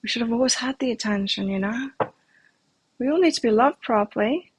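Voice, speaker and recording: A woman's voice: on the high side, a little fast, slightly rough, dry recording. A middle-aged woman giving a live tarot reading, talking candidly and reflectively and sharing personal stories. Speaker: tarot reader.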